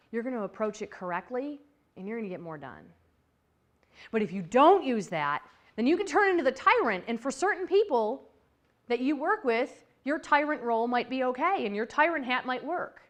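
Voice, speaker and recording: A woman giving a motivational talk on workplace communication, chatty and lively, laughing easily and acting out the voices she quotes. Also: a little high.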